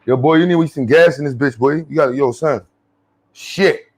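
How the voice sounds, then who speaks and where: A man's voice: fairly high pitch, moderate pace, darkish tone, voice pushed up, lightly acted. A man putting on a swaggering, armed young man in a mocking impression, with thick New York slang.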